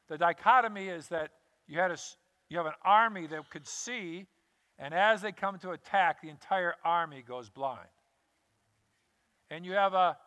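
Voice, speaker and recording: Male pastor preaching in a big echoey hall, smooth clear voice, acts out the quotes. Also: sits high. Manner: animated storytelling, acts out scripture quotes. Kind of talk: sermon.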